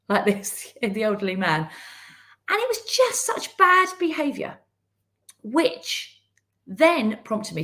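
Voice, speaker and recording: Woman, middle-aged, coaching-style live talk. Lively storytelling, voices the people she quotes. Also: on the high side. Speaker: business coach. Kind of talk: live-streamed business talk.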